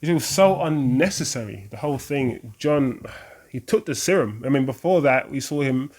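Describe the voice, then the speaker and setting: A British man in a relaxed back-and-forth about a TV episode, his voice sitting in an ordinary middle range. He gets animated and jumps up in pitch to act out what characters say. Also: moderate pace. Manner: animated, acts out characters' lines with a raised voice. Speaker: reaction channel co-host. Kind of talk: casual reaction chat.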